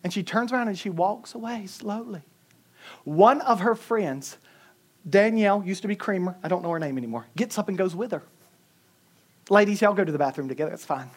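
Male preacher, animated and humorous, tells stories from the pulpit. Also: high voice, fairly quick, slightly rough. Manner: animated, humorous storytelling with chuckles. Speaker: pastor. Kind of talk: sermon.

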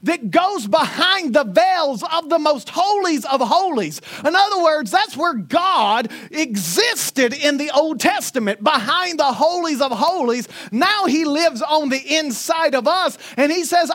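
A woman's voice: high-pitched, animated, unhurried, few pauses, a bit bright. A woman in her forties from Northwest Florida, preaching a sermon in her Northwest Florida accent with conversational, joking asides to the congregation. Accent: Northwest Florida Southern. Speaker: pastor.

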